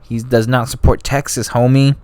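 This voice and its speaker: A man's voice: medium pitch, flat delivery, moderate pace, a little mellow, no room sound, natural voice. A man doing a brash, slangy old general. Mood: urgent. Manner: slangy, swearing, pushy.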